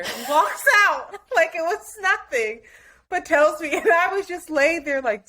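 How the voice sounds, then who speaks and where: A woman co-hosting a podcast, telling a story in casual chat, animated and laughing often. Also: extremely high pitch, a little slow, low-quality recording. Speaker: podcast co-host.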